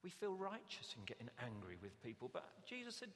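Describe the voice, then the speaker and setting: A man preaching a sermon in a church, conversational and animated, often acting out the voices he quotes. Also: sits high, moderate pace. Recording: long reverb of a church hall.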